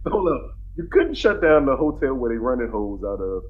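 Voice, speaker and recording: A man's voice: mid-range voice, very animated, normal speed. A man co-hosting a podcast who teases his partner, laughs often and jumps in to interrupt. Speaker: podcast co-host. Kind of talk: casual chat reacting to a TV episode. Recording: lo-fi podcast audio with faint noise.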